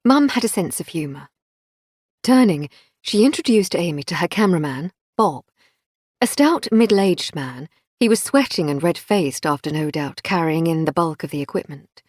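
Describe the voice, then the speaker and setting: A woman reading a crime thriller audiobook in a measured storytelling manner. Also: deep voice, lively intonation, darkish tone, no echo, clean studio sound. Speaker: audiobook narrator. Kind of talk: scripted narration.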